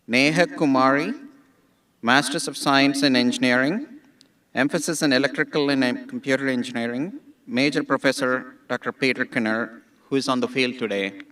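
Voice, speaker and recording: A man, an associate dean, reading out graduate names at an outdoor ceremony in a measured way, with small restarts. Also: medium pitch, fairly bright tone, far from the mic.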